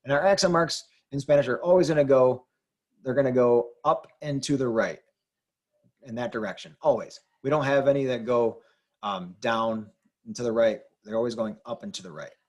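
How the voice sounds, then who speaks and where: A man's voice: medium pitch, normal speed. A man teaching a Spanish grammar lesson, explaining patiently and repeating key rules, with the occasional "um". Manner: patient, repetitive explaining with fillers. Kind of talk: classroom-style grammar lesson.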